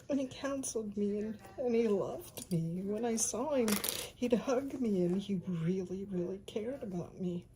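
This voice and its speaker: A woman in her fifties telling a personal faith testimony, soft-spoken and often sinking into a breathy whisper. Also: mid-range voice. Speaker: speaker sharing a faith testimony.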